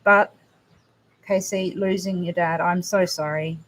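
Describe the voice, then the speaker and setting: Woman on a livestream chatting with viewers, kinda low voice, soft and halting, lots of restarts. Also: fairly even intonation. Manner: emotional, halting, soft-spoken with frequent restarts. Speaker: livestream host. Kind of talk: casual livestream chat reading comments.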